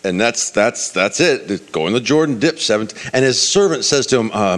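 A man's voice: mid-range voice, lively intonation, normal speed, hardly any pauses, fairly bright tone. A man preaching a sermon, retelling a scripture story with many restarts and acting out the characters' lines.

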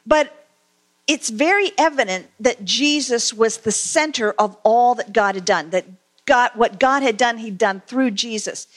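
A woman giving a conversational sermon, asking her listeners questions and reading scripture aloud, with frequent pauses and fillers. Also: fairly high pitch. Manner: conversational, asks the congregation questions; halting, many fillers. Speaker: preacher.

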